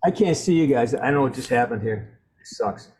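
A middle-aged man, a guest actor on a video call, telling stories with loud bursts, restarts and salty language. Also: mid-range voice, animated, fairly quick, husky.

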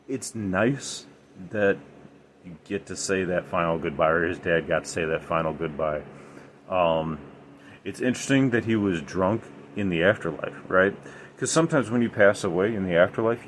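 A man's voice: low voice, a little hiss or hum. A man hosting a podcast, telling paranormal stories in a rambling, emphatic way with many fillers. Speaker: podcast host. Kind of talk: casual storytelling about the paranormal.

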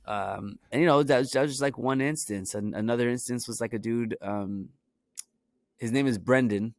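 A young man from Brooklyn tells personal stories in a casual, rambling flow. His voice sits at a middle pitch, and he keeps circling back with "you know" and "like." The sound is dry and close, with no room echo. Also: moderate pace. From Brooklyn, New York. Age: young adult. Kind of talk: casual storytelling.

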